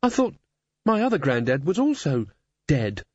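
A man voicing a sharp-tongued, exasperated teenage schoolgirl who speaks indignantly. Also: a little high, wildly swooping pitch, normal speed, slightly rough, dry recording, voice pushed up, full character voice. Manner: indignant and snappish. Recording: slightly dull, dry studio sound.

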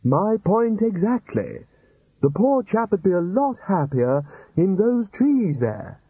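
A man voicing a wistful, cold old wizard who pleads in a drawn-out, whining way. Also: sits high, big pitch swings, dark tone, breathy edge, no room sound, lo-fi sound, voice pushed up, full character voice.

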